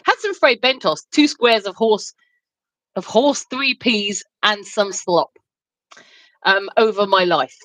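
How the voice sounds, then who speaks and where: Her voice is medium-pitched, slow, and fairly bright as this British co-host from the United Kingdom giggles and chats through viewer comments on a casual livestream. The recording is rough but has no echo.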